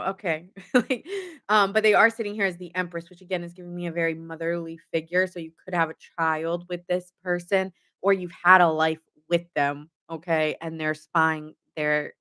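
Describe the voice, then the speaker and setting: Giggly low-voiced woman tarot reader. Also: sharp tone, clean tone. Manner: giggly, laughs often mid-sentence; chatty, many fillers like "like" and "giving". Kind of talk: casual tarot reading to viewers.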